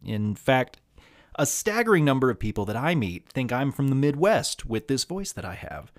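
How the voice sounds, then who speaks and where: A podcast host from the American South, with a slight accent, delivers a casual monologue that is wry, candid and sardonic. His mid-range voice is very animated at a moderate pace, and he says um frequently and drifts into trailing asides.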